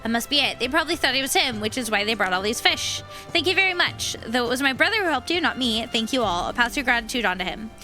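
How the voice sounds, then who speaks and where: A woman's voice: on the high side, animated, fast talker, pushed and bright, faint music behind. A woman reading a timid young villager spirit in a game, nervous and plain. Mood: grateful.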